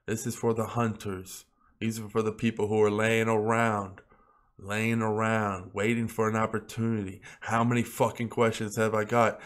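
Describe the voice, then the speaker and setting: A man vlogging about crypto trading, talking bluntly and with plenty of swearing, like a preachy pep talk that climbs in pitch as he gets worked up. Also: steady tone, a little slow. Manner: grows louder and higher when worked up. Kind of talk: unscripted vlog rant.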